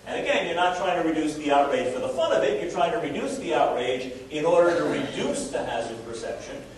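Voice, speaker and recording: A man lectures to a roomful of listeners in a wry, chatty way, full of fillers and restarts. His voice sits a bit high and reaches a distant mic through a very echoey room. A steady hiss of noise runs underneath. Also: fairly quick. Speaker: lecturer on risk communication. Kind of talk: live lecture to an audience.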